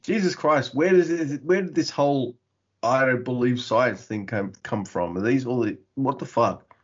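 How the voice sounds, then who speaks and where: A man co-hosting a podcast talks bluntly in casual chat, with heavy swearing. His voice sits at an average pitch, and the recording sounds dull and lo-fi. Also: normal speed, husky. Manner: blunt, heavily profane ranting. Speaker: podcast co-host. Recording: dull lo-fi audio.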